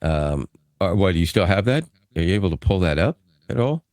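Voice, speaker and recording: Very deep-voiced man, lively rambling talk. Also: a little fast, no room sound. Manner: rambling, with fillers and self-restarts, often laughing. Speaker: podcast co-host. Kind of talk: casual podcast chat over a call. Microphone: broadcast dynamic microphone.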